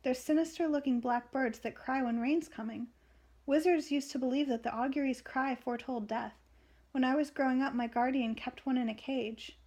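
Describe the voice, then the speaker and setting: A woman reading aloud the lines of a calm, persuasive young witch in a plain read-aloud manner. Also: high-pitched, normal speed. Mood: earnest.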